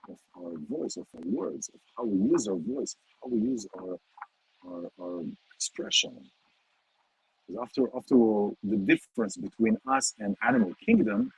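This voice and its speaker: A man giving a casual Torah talk to viewers from a casino, halting, repeating words, with many fillers. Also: mid-range voice, creaky, pushed and bright, breathy edge, no echo, rough recording. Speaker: host. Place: in a casino in Vegas.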